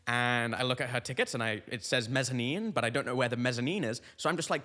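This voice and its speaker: A man's voice: medium pitch, fast, hardly any pauses, bright, forceful tone, big-room sound. A young adult man hosting a comic podcast monologue, telling rambling stories full of tangents. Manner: rambling, tangent-prone storytelling. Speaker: comedian host.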